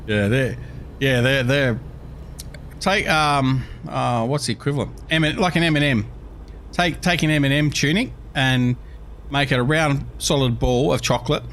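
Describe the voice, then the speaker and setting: A man's voice: medium pitch, normal speed, fairly bright tone, a little hiss or hum. An Australian man hosting a livestream, rambling and joking as he reads out chat messages. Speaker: livestream host.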